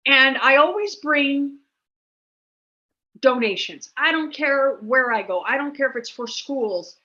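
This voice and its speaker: A woman's voice: high voice, expressive, slow, sharp tone. A woman, telling a rambling story about rescuing dogs in a chatty, casual way with many fillers. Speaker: dog rescue founder, guest. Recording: dull lo-fi sound.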